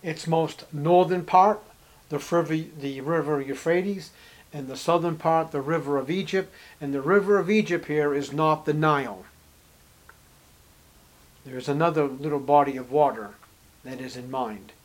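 A man preaching an expository Bible sermon, reading scripture aloud and asking rhetorical questions with strong emphasis. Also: moderate pace. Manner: emphatic, rising to forceful highs on key words; reads scripture in King James style, asks rhetorical questions.

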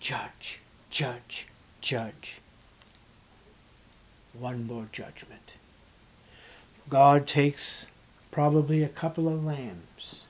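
A male pastor preaching a sermon, swinging dramatically from loud scripture reading to hushed, emphatic asides. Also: mid-range voice, very slow, long pauses.

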